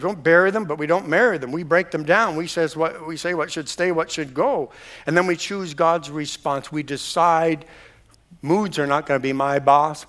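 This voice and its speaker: Impassioned high-voiced male preacher. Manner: impassioned, repetitive restarts, swings from loud to hushed. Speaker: pastor. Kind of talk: sermon. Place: church hall.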